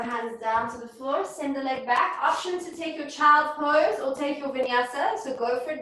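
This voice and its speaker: A woman teaching a beginners yoga class, calmly cueing poses and breathing, somewhat out of breath. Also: high-pitched. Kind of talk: guided yoga class instruction. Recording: very echoey room, voice from far off.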